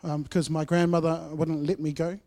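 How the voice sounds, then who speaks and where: Kiwi guy telling his testimony at church, slightly high voice, earnest, goes loud then quiet. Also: flat delivery, fairly quick. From New Zealand. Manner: earnest, heartfelt storytelling with loud and soft swings. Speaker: guest speaker sharing testimony.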